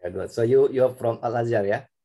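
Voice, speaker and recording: A man's voice: medium pitch, brisk, dark tone. A middle-aged male university lecturer with an Indonesian accent, giving repetitive pronunciation feedback in an online class and chuckling often.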